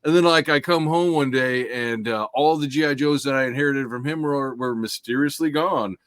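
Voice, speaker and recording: A man's voice: medium pitch, moderate pace, a bit bright, dry recording. A man hosting a casual podcast chat, talking in a laid-back way with lots of fillers and swearing. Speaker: podcast host.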